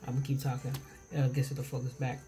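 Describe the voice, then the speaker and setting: Speaking fast in a rumbling low voice with a completely flat delivery, a woman in her forties vlogs as she eats indoors at home. She is chatty, rambles and breaks into her own sentences, recorded on a camera mic.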